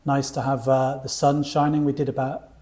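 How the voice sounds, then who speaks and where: A man's voice: mid-range voice, little pitch movement, moderate pace, warm tone, no echo. A man who is a monk, greeting passers-by on a city street with cheerful jokes and telling stories about outreach. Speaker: temple monk and street book distributor.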